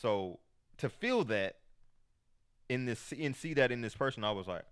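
A man's voice: medium pitch, animated, normal speed, smooth. A man in casual chat, speaking candidly and with profanity.

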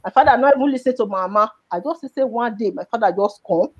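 A Nigerian woman with a high voice and a Nigerian Pidgin accent tells her personal story to an interviewer. She speaks with feeling and repeats words for emphasis. The recording sounds dull and lo-fi. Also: quick pace, slightly rough. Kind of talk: personal life story in conversation.

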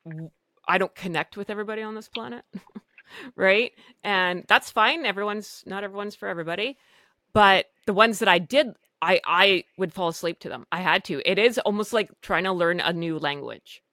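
Woman, podcast host, blunt casual chatter, frequent swearing, bright tone. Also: mid-range voice, moderate pace, no room sound. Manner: blunt and chatty, swears freely, laughs often.

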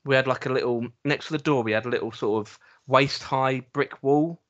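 A man, co-hosting a casual podcast and telling a rambling story with halting restarts. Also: mid-range voice, steady tone. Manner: rambling, halting anecdote with laughs. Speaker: podcast co-host. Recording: dull lo-fi recording.

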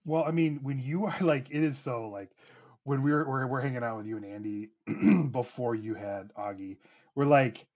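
A podcast host in his thirties speaks at a moderate pace in a medium-pitched, darkish voice, with the high frequencies cut off. His casual conversation is rambling, with many fillers and restarts.

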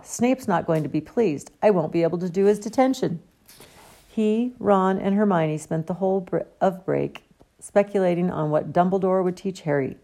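A woman reading a novel aloud as an audiobook, with steady storytelling delivery. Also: deep voice, creaky. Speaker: audiobook reader. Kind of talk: audiobook narration.

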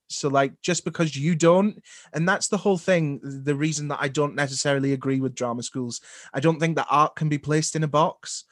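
A man's voice: fairly high pitch, a little fast, no echo, studio quality. A man hosting a podcast, from the United Kingdom, talking in casual chat, earnest and opinionated, with wry jokes at his own expense.

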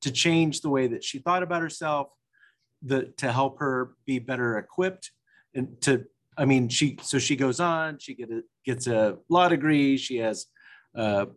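A man co-hosting a talk show, reflecting in a loose, halting way with restarts. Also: mid-range voice. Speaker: co-host. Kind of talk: casual chat.

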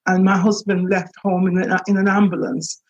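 A woman minister giving an earnest, halting personal account, with many pauses and restarts, on a dull lo-fi recording. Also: medium pitch, flat delivery, darkish tone, husky. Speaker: minister and priest. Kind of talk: reflective personal testimony.

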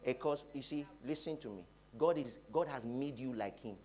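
A Nigerian man preaching a sermon, dropping to quiet talk and rising to loud shouts, often repeating his phrases. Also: medium pitch, normal speed. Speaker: pastor. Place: church hall.

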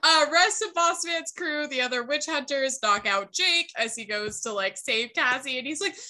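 A woman's voice: sits high, normal speed, bright, forceful tone. A young woman co-hosting a podcast, retelling a TV episode in casual chat, acting out the characters' lines, swearing and laughing as she goes. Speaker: podcast co-host.

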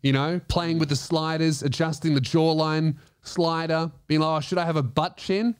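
A man's voice: a little high, level tone, normal speed, clear, resonant tone, dry recording, clean studio sound. An Australian man hosting a comedy podcast, telling stories casually, swearing often and laughing through them. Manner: profane, laughing through his own stories.

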